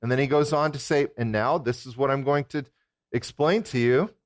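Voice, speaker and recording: Guy guest preaching at church, chatty and relaxed, quizzes the crowd, dry mic. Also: mid-range voice, moderate pace, no room sound. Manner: conversational, asks the congregation questions. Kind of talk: sermon.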